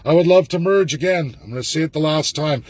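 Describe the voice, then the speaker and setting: A man's voice: on the high side, quick pace, a little mellow, dry recording. A Canadian man, a political candidate, giving a fervent, repetitive ranting video monologue with urgent appeals.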